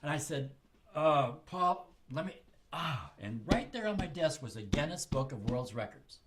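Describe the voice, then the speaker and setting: Older man, slightly high voice, animated storyteller who acts out the other people in his tale. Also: moderate pace. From Southern California. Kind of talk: casual spoken anecdote.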